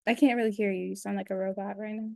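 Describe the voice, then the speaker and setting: A woman's voice: medium pitch, fairly even intonation, racing, gravelly, dry recording, studio quality. A young adult woman chatting as a guest on a video call, rambling with lots of fillers. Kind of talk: casual interview chat.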